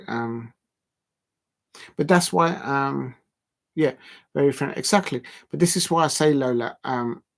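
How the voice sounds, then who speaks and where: A man's voice: mid-range voice, creaky. A man, hosting a casual live stream, talking in a rambling, blunt way with many ums and restarts. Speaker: livestream host.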